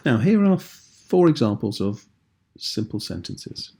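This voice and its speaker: A man with a British accent teaching a writing lesson in a patient, clear, explanatory way. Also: lowish voice, a little mellow. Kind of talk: tutorial video lesson.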